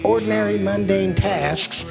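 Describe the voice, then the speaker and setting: A man hosting his show, opening it in a halting, self-deprecating way with many fillers. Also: high-pitched, steady tone, creaky. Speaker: host. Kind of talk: show intro. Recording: music behind.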